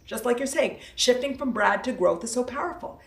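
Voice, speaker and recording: A woman's voice: on the high side, animated, brisk. A woman hosting a live talk as a self-help coach, speaking playfully and emphatically, repeating herself for effect. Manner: playful and emphatic, with lots of repetition. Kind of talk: casual motivational talk to a live audience. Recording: roomy echo, voice from a distance from the mic.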